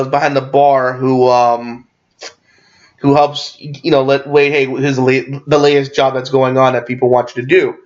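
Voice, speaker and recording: A man recapping a movie in a casual, rambling way, full of fillers and restarts. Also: on the high side. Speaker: movie reviewer. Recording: dull lo-fi sound.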